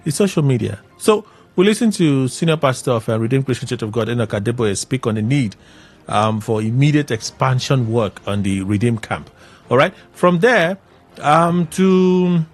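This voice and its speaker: A man hosting a radio show, recapping in an animated, exclaiming way. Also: mid-range voice. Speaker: radio host. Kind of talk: casual radio commentary.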